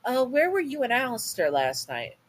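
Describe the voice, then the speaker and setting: A woman's voice: on the high side, huge pitch swings, moderate pace, pitched above the performer's own voice. A woman voicing a fretful, doting middle-aged mother, anxious and gushing, in a fan audio story. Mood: worried.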